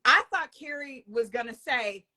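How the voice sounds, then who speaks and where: A middle-aged woman co-hosts a casual chat in a chatty, emphatic way. Her voice sits a bit high and sounds bright and crisp. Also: animated, measured pace. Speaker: co-host.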